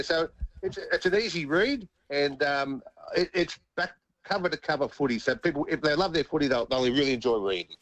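A man's voice: a little high, a little fast, fairly bright tone, dry recording, rough recording. An Australian man, a former rugby league player, telling stories in a chatty interview and often restarting his sentences. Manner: chatty, restarts and repeats words. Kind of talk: casual interview anecdote.

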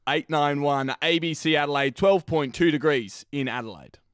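A man's voice: on the high side, moderate pace, a bit bright, smooth. A man with an Australian accent, hosting morning radio with teasing, upbeat banter. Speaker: radio host.

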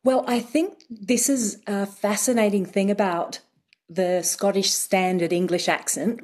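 Woman accent coach on a radio interview, lowish voice, lots of ums, thinks as she talks. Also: husky. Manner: thoughtful, explanatory, many ums.

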